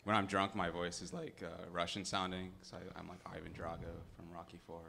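A man's voice: low-pitched, little pitch movement, a little fast, vocal fry, a little hiss or hum. A young man from the Republic, a new comic answering questions hesitantly. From Czech Republic. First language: Czech. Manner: hesitant, soft-spoken. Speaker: comedian contestant.

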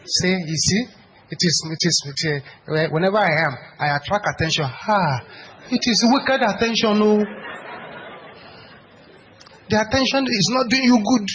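Male preacher, higher register, punchy and repetitive delivery, faint noise behind. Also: measured pace, poor audio. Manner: emphatic, repetitive, rises to shouted prayer. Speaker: pastor. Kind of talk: sermon.

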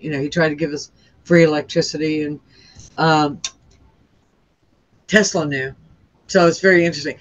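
Earnest rambling woman on a dull line. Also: sits low. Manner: rambling, with frequent restarts and fillers. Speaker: interview guest sharing a near-death experience. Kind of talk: earnest conversational testimony.

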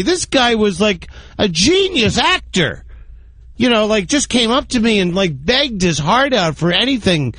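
A man's voice: high voice, big pitch swings, measured pace, fairly bright tone, dry recording. A man chatting on a radio show, telling stories and acting out the people he meets. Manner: chatty storyteller, acts out people he quotes. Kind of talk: casual radio talk.

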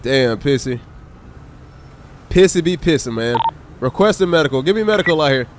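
A man whose voice is on the high side streams a police role-play game at a moderate pace, playing a state trooper. He chats casually with viewers and animatedly exclaims at the game characters. Background noise is audible.

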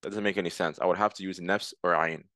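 A man with a lowish voice explains grammar step by step, slipping in words and translating each one. He repeats key terms patiently as he teaches. The recording is close and dry, with no room sound. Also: steady tone, fast talker, sharp tone, no room sound.

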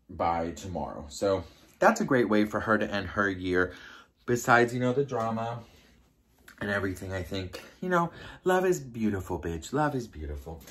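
Chatty gossiping man telling a story. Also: fairly bright tone. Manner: chatty, gossipy, full of "like" and "you know"; breaks into high-pitched impressions when quoting people. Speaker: YouTuber. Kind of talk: casual storytime chat.

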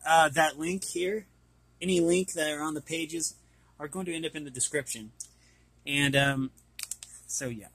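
A man's voice: fairly high pitch, fairly even intonation, a little slow, long pauses, a bit bright, husky. A man casually reading an art book aloud and commenting, hesitant and apologetic as he stumbles over names.

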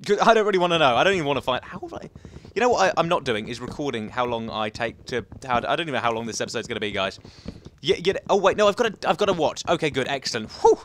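A man's voice: medium pitch, expressive, rapid-fire, fairly bright tone, slight background noise. A young man giving chatty, rambling commentary while playing a survival game, talking to the viewers and to the animals. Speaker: gaming YouTuber.

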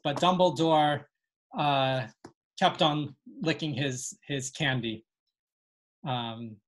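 A woman teaching Yiddish dialects in a webinar, explaining and translating as she goes. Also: low-pitched. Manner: explanatory, with frequent ums and translations. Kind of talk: webinar lecture.

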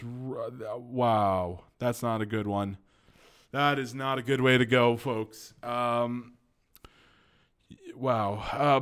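A man hosting an online video, reading a news article aloud and breaking in with his own reactions, filler words and remarks to viewers. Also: mid-range voice. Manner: reads aloud with frequent interjections and fillers, addresses viewers as folks.

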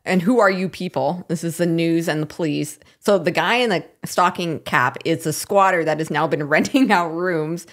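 A woman co-hosting a podcast, recounting a news story in a lively, chatty way. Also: fairly low pitch, normal speed, few pauses. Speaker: podcast co-host. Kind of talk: casual commentary.

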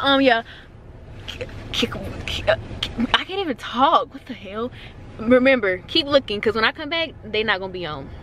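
Chatty young woman vlogging over background noise. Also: a little high. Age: 20s. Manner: chatty, playful, excitable, talks straight to viewers. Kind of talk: casual vlog chat to camera. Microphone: handheld camera mic.

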